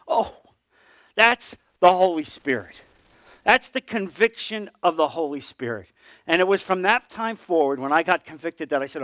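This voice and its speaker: A man's voice: expressive, normal speed, no echo, clean studio sound. A middle-aged man teaching a Bible class, telling a personal testimony in an earnest, conversational way. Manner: earnest storytelling, voice dropping low and soft at emotional points.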